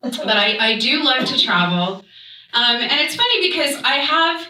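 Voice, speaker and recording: A woman from Massachusetts doing a stand-up comedy set on a club stage. She is playful and animated and laughs often. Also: high-pitched, normal speed. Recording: roomy club sound from a distant mic with noise.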